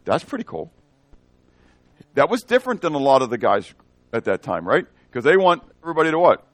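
Lively preacher quizzing his congregation. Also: a little high, brisk, no room sound. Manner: animated, asks the congregation questions; acts out dialogue in shifting voices. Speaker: pastor. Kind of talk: expository sermon.

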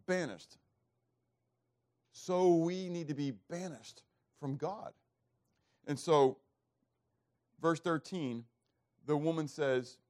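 Emphatic preacher man asking the congregation. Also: fairly high pitch. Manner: call-and-response questions, emphatic swings in loudness. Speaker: pastor. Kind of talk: sermon.

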